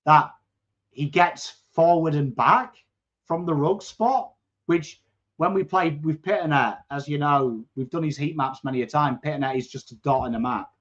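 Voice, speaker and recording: English man hosting a live sports watchalong: coarse voice, fairly high, excitable, swears a lot, dull lo-fi audio. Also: moderate pace. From England. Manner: chatty, excitable, swears, bursts into shouts at play. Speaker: watchalong host. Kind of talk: live football watchalong chat, reading viewer comments.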